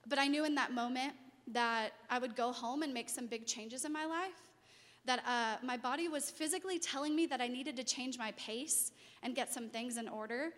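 High-voiced woman telling her story in a reverberant hall. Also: normal speed. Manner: animated storytelling, acts out quoted voices, laughs. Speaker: speaker sharing a testimony. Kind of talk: personal testimony talk.

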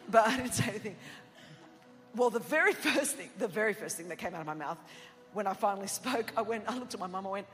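Australian woman pastor, lively self-mocking storyteller, echoing church hall with soft music underneath. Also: mid-range voice, fast talker. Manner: animated, self-mocking, acts out quotes. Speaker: preacher. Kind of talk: sermon storytelling.

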